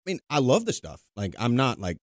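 A young man co-hosting a podcast, riffing and joking in loose casual chat and restarting his sentences often. His pitch moves around a lot. The sound is close and dry. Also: wildly swooping pitch, a little fast, no room sound. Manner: jokey, rambling, with many restarts. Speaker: podcast co-host.

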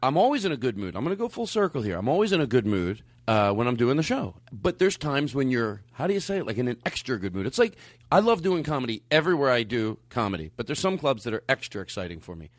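A middle-aged man hosting a comedy podcast, rambling excitably and laughing often in casual banter. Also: mid-range voice, quick pace, no echo. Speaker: host.

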